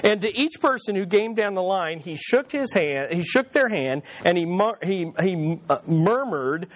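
A man with a notably high-pitched voice delivers a sermon, weaving humorous anecdotes into his lesson. He draws the congregation in with call and response and repeats his key lines for emphasis. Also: very animated, a little slow. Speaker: pastor. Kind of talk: sermon with jokes.

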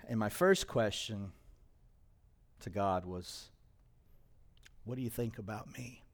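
A middle-aged male pastor telling a personal story in a sermon, emotional and halting at times. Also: on the low side. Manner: emotional, personal testimony with pauses.

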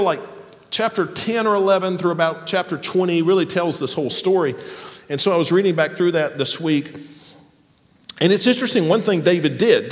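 A man preaching in a church, his voice pitched high and swinging widely as he makes his points. He alternates animated emphasis with soft, quiet asides. A long reverb from the sanctuary trails behind each phrase. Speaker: pastor. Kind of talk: sermon.

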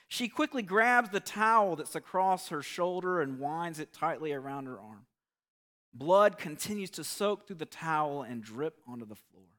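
A man preaching a sermon, telling an illustrative story in an earnest, measured way. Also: on the high side, pushed and bright. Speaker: pastor.

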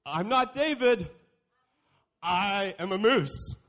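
Young guy preaching to kids, high voice, goofy and jokey. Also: lively intonation, takes it slowly, a bit bright. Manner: playful, joking, acts out quotes. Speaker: youth speaker. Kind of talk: youth sermon talk.

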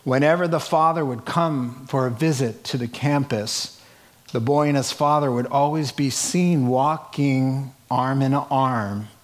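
A man preaching a sermon, telling a scripture story in an animated way with chuckling asides and acted-out quotes. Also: mid-range voice, unhurried. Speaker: pastor.

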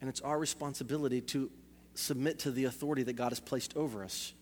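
A man's voice: medium pitch, steady tone, quick pace, long reverb tail, slight background noise. A male pastor preaching a sermon in a church, asking rhetorical questions and repeating phrases for emphasis.

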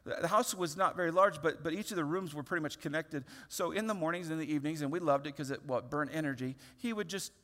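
A man in his thirties preaching a sermon, telling a personal story in a lively, open way with many restarts. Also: fairly high pitch, quick pace, hardly any pauses. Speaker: pastor. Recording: long hall reverb.

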